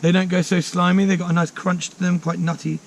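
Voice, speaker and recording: Brief: forager, man, higher-pitched, upbeat and chatty, recorded outdoors. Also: little pitch movement, a little fast, vocal fry, a little hiss or hum. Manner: enthusiastic, chatty, many fillers. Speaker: mushroom forager and course teacher. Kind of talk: casual outdoor explanation. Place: outdoors in woodland.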